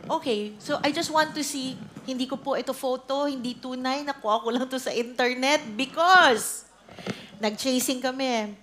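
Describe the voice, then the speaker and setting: A woman's voice: high voice, normal speed, a bit bright, slight background noise. A middle-aged woman with a Filipino accent giving a conversational talk to a women's ministry group, switching between Tagalog and English and often checking in with the audience. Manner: chatty, mixes Tagalog and English, keeps asking the audience. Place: church training session before an audience.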